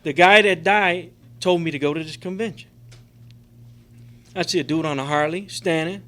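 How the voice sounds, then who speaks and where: A man's voice: fairly high pitch, moderate pace, a bit bright. Rambling man sharing his story. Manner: rambling, emotional, profane, fills with "man" and "you know". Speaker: recovery convention speaker. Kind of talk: personal testimony to a group. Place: convention meeting room.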